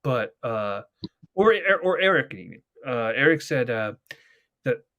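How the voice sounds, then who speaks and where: A man's voice: medium pitch, very animated, a little slow, fairly bright tone, highs cut off. A young man hosting a casual podcast, rambling and swearing as he retells TV scenes at length. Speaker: podcast host. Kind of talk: casual chat.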